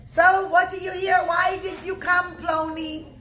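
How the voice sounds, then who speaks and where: A woman voicing Roman soldiers who question a visitor loudly. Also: high-pitched, measured pace, voice pushed up. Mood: brusque. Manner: loud, brusque questioning. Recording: echoey room with steady noise.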